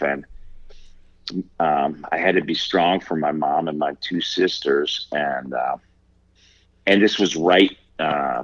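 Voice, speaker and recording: Gravelly low-voiced man from Ohio. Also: no echo, muffled recording. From Ohio, USA. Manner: halting and reflective, many fillers and restarts. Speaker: guest. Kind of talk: casual interview chat.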